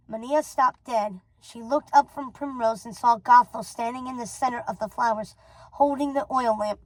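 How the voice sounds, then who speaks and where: A woman reading a storybook chapter aloud in a steady, dramatic way. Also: on the high side, moderate pace, no room sound, rough recording. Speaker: reader.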